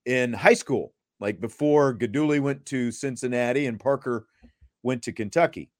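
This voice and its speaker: A man hosting a podcast in loose, casual sports talk. He rambles with many fillers and restarts, in a mid-pitched voice. The sound is dry and close, with no room echo. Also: moderate pace. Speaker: podcast host.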